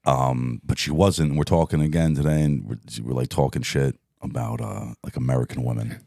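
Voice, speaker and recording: A young man co-hosting a comedy podcast, chatting loosely with lots of swearing and quick put-on voices in his stories. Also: very deep voice, fairly even intonation, creaky, dark tone, no echo, clean studio sound. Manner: loose, profane, puts on voices in anecdotes. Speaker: podcast co-host. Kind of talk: casual comedic chat.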